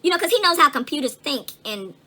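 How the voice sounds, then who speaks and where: A woman hosting a casual chat, telling stories in an animated, profane way. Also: high voice, fast. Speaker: host.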